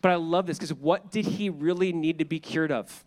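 A man preaching a sermon as pastor, casual and animated, acting out people in the story with quick voices. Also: fairly high pitch.

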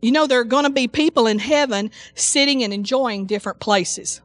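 A woman preacher delivering a fervent sermon, reading scripture slowly and calling out praise. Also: a little high, no room sound, clean studio sound. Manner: fervent, slow emphatic scripture reading with exclamations.

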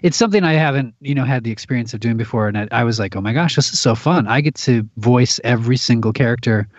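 A man's voice: medium pitch, quick pace, dry recording, dull audio. A man who works as an actor and audiobook narrator, chatting animatedly as a podcast guest and laughing often. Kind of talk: casual conversation.

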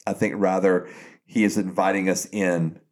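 A man with a fairly low voice speaks as a pastor on a casual podcast. He is earnest and reflective, and he often circles back and restarts his sentences as he works through his thoughts. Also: flat delivery, normal speed, darkish tone.

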